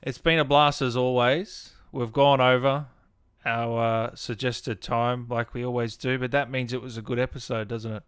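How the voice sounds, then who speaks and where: A relaxed, easygoing man co-hosting a film podcast and wrapping up the episode. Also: mid-range voice, normal speed, clear, resonant tone, no echo. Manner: relaxed, easygoing, laughs easily. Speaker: podcast co-host. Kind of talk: casual podcast chat.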